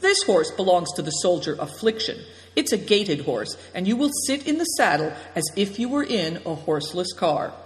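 A reader voicing a calm male guide who speaks patiently and encourages the others. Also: mid-range voice, normal speed, natural voice. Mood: reassuring. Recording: roomy echo with long reverb.

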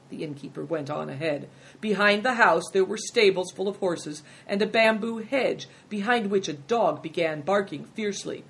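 A woman narrating an audiobook, with expressive storytelling. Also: medium pitch, moderate pace, slightly rough.

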